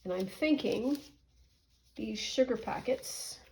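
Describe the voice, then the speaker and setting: A woman's voice: a little high, takes it slowly, dark tone, slightly rough. A middle-aged woman from Canada, chatting casually in a rambling way full of asides while she works on a craft journal. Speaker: crafting vlogger.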